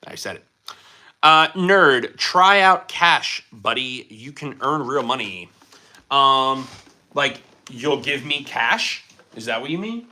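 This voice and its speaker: A young man hosts a casual livestream from a brightly lit indoor room, reading viewer comments aloud and rambling with plenty of fillers and restarts. His voice sits at medium pitch with a lively intonation, and he speaks slowly in a sharp tone.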